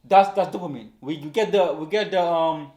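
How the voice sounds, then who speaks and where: A man talks over a podcast topic in a slightly high voice, stumbling and repeating words as he works his point out. The room around him is echoey. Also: moderate pace, warm tone, dull audio. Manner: stammers and repeats words while reasoning aloud. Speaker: podcast co-host. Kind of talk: casual chat.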